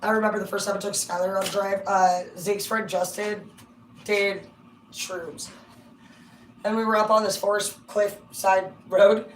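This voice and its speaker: A middle-aged woman giving a casual, rambling tarot reading on a livestream. She talks excitably and swears constantly. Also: medium pitch, a little slow. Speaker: tarot card reader. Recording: roomy sound from a distance, faint hum.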